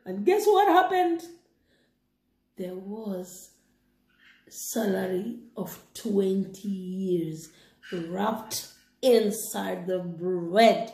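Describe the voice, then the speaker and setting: A woman retelling a moral story and preaching, animated and excitable. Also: a little high. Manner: animated, excitable, laughing asides. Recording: echoey room.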